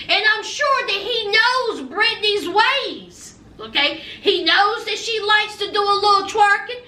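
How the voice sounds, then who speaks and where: A woman's voice: very high voice, sing-song, takes it slowly, sharp tone, distant mic. A woman giving a sassy, emphatic recap of a reality show, asking "okay?" again and again. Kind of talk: casual TV recap commentary. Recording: echoey room, voice a bit off mic.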